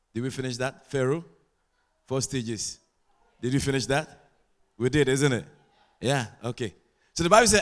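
A man preaching a sermon as pastor, chatting with the congregation and building to loud sing-song preaching. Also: medium pitch. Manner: asks the congregation for responses.

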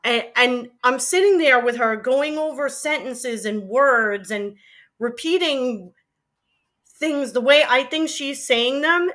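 A woman's voice: high voice, slow, a bit bright. A middle-aged woman with a Queens, New York accent, chatting casually in an interview about her radio days, laughing often as she remembers. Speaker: guest, former college radio DJ.

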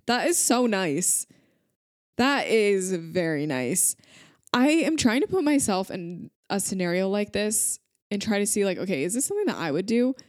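A woman in her thirties hosts a podcast and reads listener stories aloud. She gets emotional and gushes between them, with plenty of fillers. Her voice sits at a middle pitch and the sound is dry and close to the mic. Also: a little mellow, no room sound. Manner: gushing, emotional, talks with many fillers. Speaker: podcast host. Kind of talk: reading listener stories aloud, casual chat.

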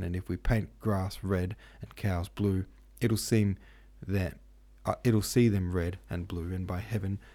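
A man's voice: deep voice, darkish tone. A man voicing a hot-tempered young male painter who argues vehemently. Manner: vehement, declaiming.

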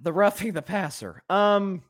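A man hosting a solo sports talk show, giving animated and opinionated commentary and often repeating words as he thinks. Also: sits high, measured pace. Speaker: sports podcast host.

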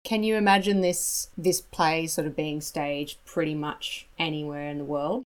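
A woman hosts the conversation with a notably low voice for a woman. She asks thoughtful, measured questions. Her delivery stays calm and considered. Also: rough recording. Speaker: interviewer. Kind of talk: interview chat.

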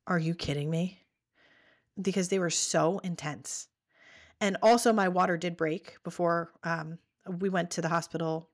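A woman in her thirties telling a personal story as a podcast guest, animated, acting out what people said. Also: lowish voice. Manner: animated storytelling, acts out quoted voices.

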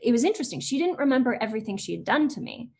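A female educator in her forties chats casually as a guest on an interview show, filling her sentences with little fillers and switching into other voices when quoting children. Her voice is on the high side and gravelly, with big pitch swings and a rapid-fire delivery. There is slight background noise.

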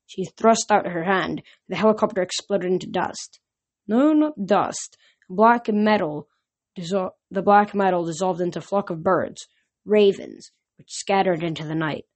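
A woman reads a novel aloud for her podcast. Her voice sits at a medium pitch, and she tells the story plainly, with occasional slips and restarts. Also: unhurried, a little mellow. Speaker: podcast reader.

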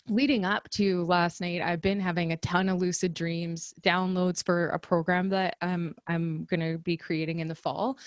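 Low-voiced woman telling a story. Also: dry recording, muffled recording. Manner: animated storyteller, laughs often. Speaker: podcast co-host. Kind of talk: casual chat.

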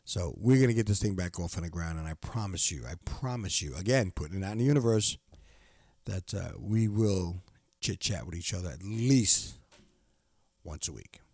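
A middle-aged man hosts his own solo podcast, talking casually in a rambling, heartfelt way with many fillers and restarts. His voice is low, animated and darkish, at a moderate pace. He uses a close studio microphone, giving studio quality with no echo.

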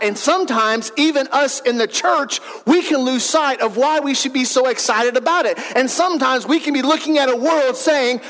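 A man's voice: very high-pitched, normal speed, few pauses, a bit bright, in a large hall, poor audio. A man in his thirties preaching a sermon in a church, in a folksy, conversational storytelling way. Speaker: pastor. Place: church sanctuary.

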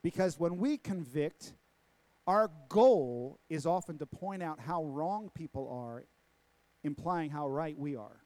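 A man preaches to his congregation, driving points home through repetition and pointed questions. His voice sits noticeably high for a man. The sound is dry and close, with little room echo. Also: animated, slow pace, a little mellow. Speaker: pastor. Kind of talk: sermon. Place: church sanctuary.

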